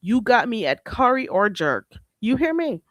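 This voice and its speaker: A woman's voice: a little high, moderate pace, dry recording. A woman hosting a casual livestream chat with viewers, blunt and sassy, often calling people "baby" and asking "you hear me?". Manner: animated, swinging between loud outbursts and laughter. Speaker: livestream host.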